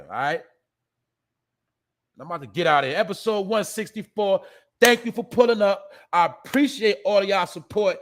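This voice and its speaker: High-pitched New man hosting a live stream. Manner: loose street talk, shouting out chat names. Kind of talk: casual live-stream chat.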